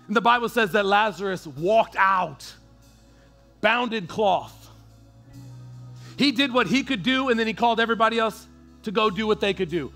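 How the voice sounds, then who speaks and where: A man preaching a sermon as pastor, talking casually and building from quiet storytelling to loud, fervent preaching. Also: high-pitched, moderate pace, long pauses, faint music behind. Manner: talks in a casual, slangy way.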